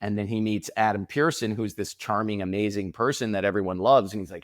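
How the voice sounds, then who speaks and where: Male makeup designer, a relaxed interview guest, lowish voice, animated storyteller, dry close sound. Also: a little fast, dry recording. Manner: animated storyteller, acts out quotes. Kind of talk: casual interview chat.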